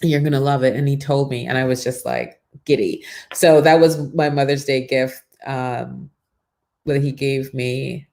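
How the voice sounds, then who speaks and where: A middle-aged woman hosting a live morning show, telling animated stories and greeting viewers by reading out their comments. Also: rumbling low, a little slow, creaky. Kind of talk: casual live-stream chat.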